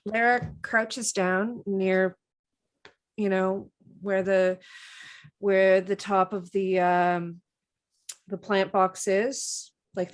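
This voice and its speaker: A woman playing in a tabletop role-playing game, puzzled and thinking aloud with lots of fillers. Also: medium pitch. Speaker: player.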